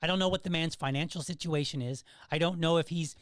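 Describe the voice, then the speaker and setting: A man's voice: a little high, fast, a bit bright, no echo, studio quality. A middle-aged man hosting a podcast, telling a story in a casual monologue and often checking in with "okay?" and "right?". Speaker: podcast host.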